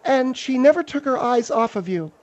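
A man's voice: extremely high pitch, lively intonation, normal speed, darkish tone, pitched above the performer's own voice. Man doing a prim scolding woman guest. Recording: dull radio audio.

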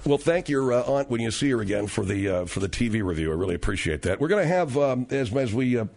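A man's voice: medium pitch, expressive, fast, vocal fry, a little mellow, dry recording. A man hosting a talk radio show, dry and steering the conversation. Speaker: radio host.

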